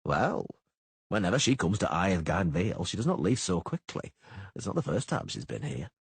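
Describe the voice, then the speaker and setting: A man reading an audiobook, voicing a coarse, blustering middle-aged male mayor in a husky, gossipy voice. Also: low-pitched, sing-song, normal speed, no echo, exaggerated voice.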